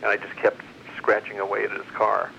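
A man's voice: lowish voice, monotone, fairly quick, vocal fry, pushed and bright. A middle-aged man telling a long personal story in a casual, rambling way, with many fillers and restarts. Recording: muffled lo-fi recording, faint hiss.

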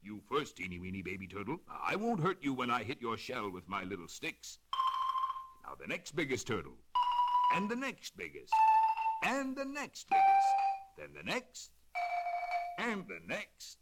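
A man voicing a lonesome, gentle male octopus in a storybook reading, slow and mournful. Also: mid-range voice, huge pitch swings, very noisy.

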